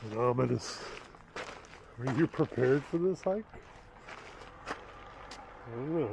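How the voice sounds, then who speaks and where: An older man narrating his own hike on a rocky desert trail, talking slowly with pauses and fillers, breathing hard and joking about himself. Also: mid-range voice, animated, vocal fry, background noise. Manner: slow, unhurried, self-deprecating, with many pauses and fillers. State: out of breath from hiking. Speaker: hiking vlogger. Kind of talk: casual hiking vlog narration. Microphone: handheld or body camera mic while walking.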